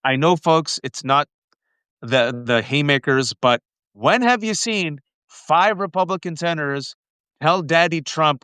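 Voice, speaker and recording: A man's voice: fairly high pitch, big pitch swings, bright, forceful tone, clean tone, no echo. Impassioned man hosting a political talk show. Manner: impassioned, fast bursts, addresses viewers as folks. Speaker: podcast host.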